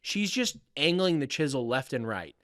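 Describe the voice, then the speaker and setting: A man's voice: medium pitch, big pitch swings, normal speed, fairly bright tone, no room sound, clean studio sound. A young man, a woodworking student, animatedly telling a story in a casual podcast chat and laughing often between sentences.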